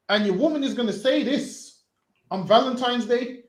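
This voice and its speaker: A man street preaching forcefully, repeating himself and ending phrases with "man". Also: extremely high pitch, moderate pace, roomy sound.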